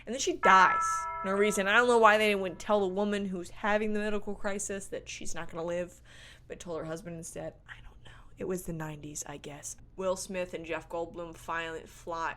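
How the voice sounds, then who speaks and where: A woman's voice: lowish voice, fairly bright tone, slight background noise. A young woman reviewing a movie in a casual vlog, playful and sarcastic, with casual swearing.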